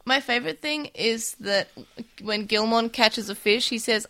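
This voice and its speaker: A woman co-hosting a casual chat review, chatty, summarizing the plot with quick asides. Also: fairly high pitch, sharp tone. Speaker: podcast co-host.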